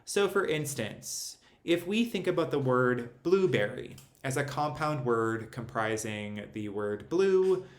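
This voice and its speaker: Male instructor, unhurried and methodical, mid-pitched voice, echoey room with faint background hiss. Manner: measured, explanatory. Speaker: literacy instructor. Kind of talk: recorded lecture. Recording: roomy echo, faint ambient noise.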